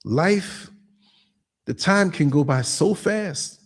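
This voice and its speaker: Slow-paced and animated, the voice belongs to a man in his sixties whose tone is a little high and slightly rough. As a podcast host giving casual monologue commentary, he spins blunt, streetwise anecdotes and voices the people he quotes.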